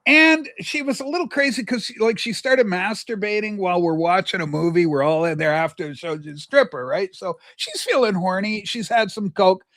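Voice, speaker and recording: A man's voice: high-pitched, normal speed, hardly any pauses, no room sound. Older man telling a rambling story. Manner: animated, jumps between asides and acted quotes. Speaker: livestream co-host.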